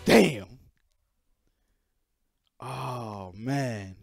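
A man giving excited, casual fighting-game commentary on a stream, slangy, cursing and breaking into loud outbursts. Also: mid-range voice, extremely slow, gravelly, soft background music.

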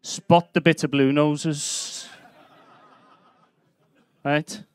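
A man's voice: a little high, level tone, drawn-out words, clean tone, no echo. A man in his fifties from Liverpool with a Scouse accent, doing a live stand-up set in a comedy club with a brash, sweary, punchy delivery. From Liverpool, England. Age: 50s.

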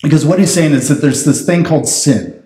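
A man pastor preaching a sermon in a conversational, animated way. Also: a little high, brisk, reverberant. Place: church sanctuary.

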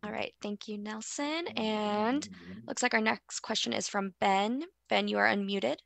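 A woman's voice: mid-range voice, fairly even intonation, a little slow, vocal fry, fairly bright tone, dry recording. A woman moderating the webinar questions and calling on the next participant.

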